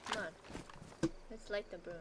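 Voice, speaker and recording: A woman streaming a game live, chatting with her viewers, excitable and laughing often as she plays. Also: medium pitch, slow, very noisy. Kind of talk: live gameplay commentary.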